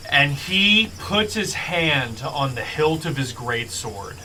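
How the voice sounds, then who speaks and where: A man running a tabletop game as game master, narrating in a casual, drawn-out way. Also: fairly high pitch, expressive, sharp tone, slight background noise, low-quality recording.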